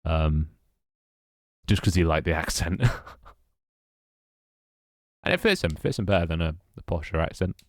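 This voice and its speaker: A man's voice: low-pitched, lively intonation, measured pace, pauses often, no room sound, clean studio sound. A young British man chatting casually and wryly while he works on his game, rambling from one thought to the next. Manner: rambling, wry, self-mocking. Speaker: game developer streamer. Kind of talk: casual live-stream chat while working.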